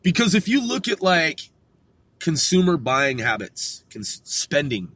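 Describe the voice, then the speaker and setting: A man's voice: a little high, very animated, a little slow, fairly bright tone, no echo. A man hosting a rambling solo talk from a car, loose and profane, laughing at himself. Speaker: podcast host.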